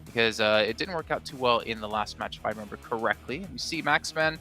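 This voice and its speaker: Very bright-voiced male esports desk host. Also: mid-range voice, quick pace, faint music behind. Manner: teasing, chatty, hands off questions.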